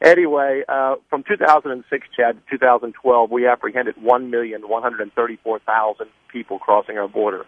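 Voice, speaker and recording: A man's voice: mid-range voice, fairly even intonation, no echo. Breathless man in his sixties on a tinny phone line. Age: 60s. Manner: brisk, number-heavy, insistent. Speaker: political candidate, phone-in guest. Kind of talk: campaign talk on a radio call-in. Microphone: mobile phone while walking.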